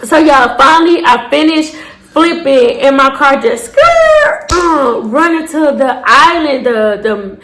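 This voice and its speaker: Young woman, high voice, animated casual storytelling, cursing, shouty outbursts. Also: slow pace. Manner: animated, dramatic retelling with shouted bursts and cursing. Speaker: storytime vlogger.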